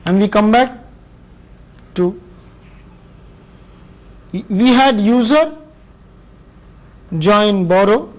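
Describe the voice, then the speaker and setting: A man with an Indian English accent giving a measured university lecture, explaining step by step with pauses between phrases. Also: sits high, rough recording. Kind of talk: recorded classroom lecture.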